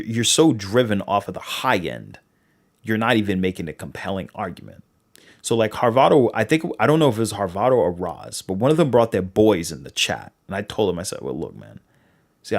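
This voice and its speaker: Sitting low and creaky, the voice belongs to a young livestream host from New England with a Boston accent. He rambles casually and animatedly, packing in fillers and acting out the lines he quotes.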